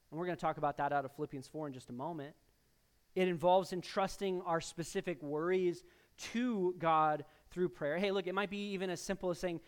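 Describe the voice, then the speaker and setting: A man preaching with a high voice, calling out to his congregation. He pushes key words out loud and lets others sink to near a murmur, his preaching always pointed at the listeners in front of him. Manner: emphatic preaching with sudden louder bursts and soft drops; addresses the congregation directly as church. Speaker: pastor. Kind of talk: sermon.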